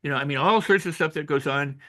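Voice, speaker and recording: An older man, an author and coach, talking in an interview with animated storytelling, acting out quoted voices and often restarting his sentences. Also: fairly high pitch, fast. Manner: frequent restarts and repetitions. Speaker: author and personal growth coach. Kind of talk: interview conversation.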